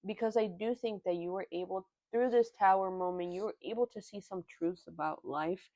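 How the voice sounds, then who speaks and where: A young woman giving a tarot reading in an earnest, halting way, often moved by what she says. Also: on the low side, a little mellow, dry recording. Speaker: tarot reader. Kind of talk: pick-a-card tarot reading.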